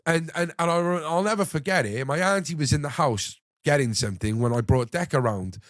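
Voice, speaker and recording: A man's voice: on the high side, a little fast, a bit bright, no echo, studio quality. A man casually telling a long anecdote as a podcast guest, rambling, swearing freely and leaning on "you know what I mean".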